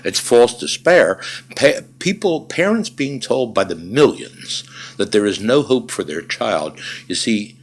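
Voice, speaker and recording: An older man, a guest in an interview, telling stories in an emphatic, conversational way with dry humor and frequent pauses and fillers. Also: mid-range voice, sing-song. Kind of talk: conversational storytelling.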